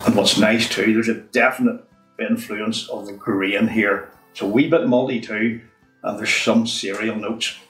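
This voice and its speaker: A man talks through a whisky tasting in a relaxed, chatty way. His voice sits fairly low. The recording sounds roomy and distant, with faint music underneath. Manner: chatty, unhurried, says "wee" often. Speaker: whisky reviewer. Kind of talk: casual review monologue.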